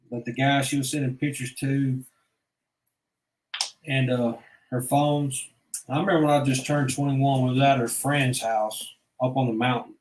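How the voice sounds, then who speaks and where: This vlogger has a mid-range, slightly mellow male voice. He swears freely and rambles bluntly through stories about his own life in casual storytelling, with the room audibly echoing around him.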